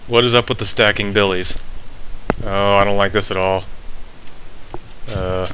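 A man's voice: mid-range voice, animated, unhurried, pushed and bright, a little hiss or hum, rough recording. A young man giving frustrated, goofy running commentary while playing a video game. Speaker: gameplay commentator. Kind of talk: let's play commentary.

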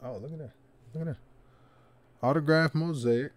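A man hosting a card break, casually calling out players with slangy, excited remarks and muttered asides. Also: fairly high pitch, normal speed, dry recording. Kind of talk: casual card-opening commentary.

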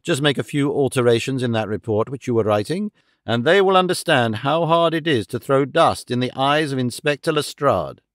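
A man voicing a calm, clever detective with an amused, theatrical manner, in an audiobook reading. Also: medium pitch, moderate pace, dry recording, studio quality, close to an everyday voice.

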